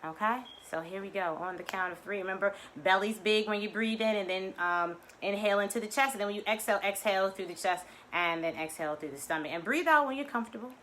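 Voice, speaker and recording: A woman's voice: mid-range voice, quick pace, few pauses, a bit bright. A woman leading guided breathing and a motivational talk in a live virtual session, effusive and chatty with lots of "you know". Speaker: affirmation and mindset teacher leading a weekly online session.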